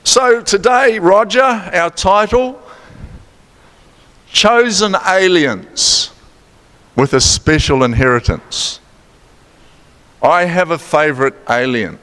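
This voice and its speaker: A man's voice: sits high, slow, long pauses, a bit bright. A man with a New Zealand accent preaching a sermon in a chatty, playful way, quizzing the congregation and adding teasing asides. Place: church sanctuary. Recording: long church hall reverb.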